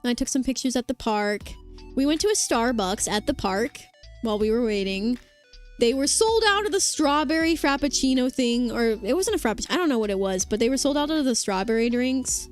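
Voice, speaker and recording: A woman's voice: a little high, animated, fairly quick. A young woman streaming as a vtuber, chatting casually with lots of "like" and "um", her throat sore after hours of talking. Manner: rambling, filler-heavy, reads chat aloud. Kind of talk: casual livestream chat. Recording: faint music behind the voice.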